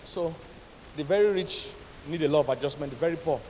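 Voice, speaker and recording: A man with a Nigerian accent preaching a sermon as pastor, with lively, emphatic delivery and questions thrown out to the congregation. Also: a little high, fairly quick, big-room sound, slight background noise.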